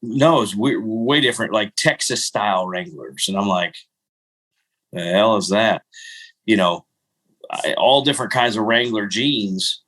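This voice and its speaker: A middle-aged podcast co-host with a lowish, sharp-toned voice speaks at a normal, animated pace. In a casual storytelling chat, he rambles through self-mocking travel stories and laughs often.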